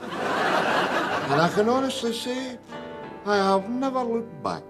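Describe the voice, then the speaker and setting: A wry, high-voiced pub joker, TV comedy, music behind. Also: male voice, very animated, slow pace, exaggerated voice. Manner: wry, sardonic. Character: wisecracking sardonic ill Scottish man. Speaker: pub regular with cancer. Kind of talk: TV sitcom acting.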